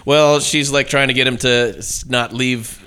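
A man's voice: medium pitch, fairly even intonation, unhurried, sharp tone, clean tone. A man co-hosting a movie podcast, retelling film scenes in a rambling, laughing way. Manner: laughing, rambling storyteller who acts out scenes. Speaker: podcast co-host. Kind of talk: casual movie chat.

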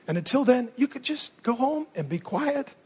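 A male pastor preaching a sermon in an animated, humorous, conversational way. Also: very high-pitched, normal speed, breathy edge.

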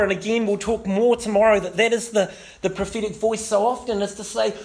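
A man's voice: high voice, fairly even intonation, normal speed, gravelly. A man, a pastor preaching a sermon full of self-deprecating stories and many fillers. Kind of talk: sermon with humorous storytelling.

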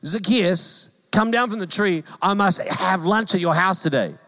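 A man with a New Zealand accent, a pastor preaching a sermon in a lively, joking way and mimicking calls in a high voice. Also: unhurried. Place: church hall.

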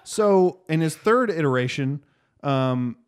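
A man co-hosting a casual podcast chat, joking and animated. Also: a little high, takes it slowly, smooth. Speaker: podcast co-host.

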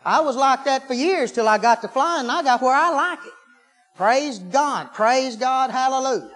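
High-voiced preacher in a hall. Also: male voice, lively intonation, moderate pace, fairly bright tone, faint music behind. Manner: folksy storytelling, rising into fervent exclamations. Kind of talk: sermon. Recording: long hall reverb.

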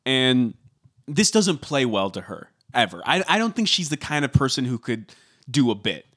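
A man's voice: mid-range voice, big pitch swings, normal speed, fairly bright tone. A man co-hosting a podcast, recapping a reality show in casual chat and hedging with likes and ums. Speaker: podcast co-host.

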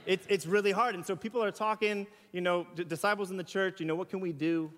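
High-pitched guy preaching, chatty, acting out little examples, big church echo. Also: fairly even intonation, quick pace, fairly bright tone. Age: young adult to middle-aged. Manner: conversational, with rhetorical questions and acted-out examples. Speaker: pastor. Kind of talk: sermon. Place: church sanctuary. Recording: hall reverb.

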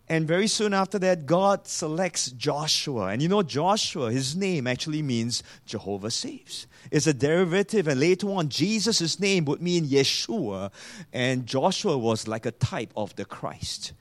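Higher-pitched male preacher asking questions. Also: expressive, unhurried. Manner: asks the congregation rhetorical questions; reads and quotes scripture in a raised voice. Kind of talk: sermon.

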